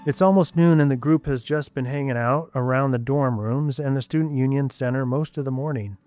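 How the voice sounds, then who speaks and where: A man narrates a serialized audio story in a steady, measured voice at a middle pitch. The recording is dry and close, with soft music faintly underneath. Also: no echo. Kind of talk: scripted narration.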